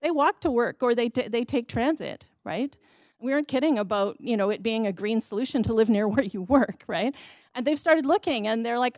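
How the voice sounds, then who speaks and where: A woman's voice: fairly high pitch, expressive, a little fast, darkish tone, no room sound, clean studio sound. A woman in her thirties or forties speaking at a city council public hearing, impassioned and pleading, with brief laughs.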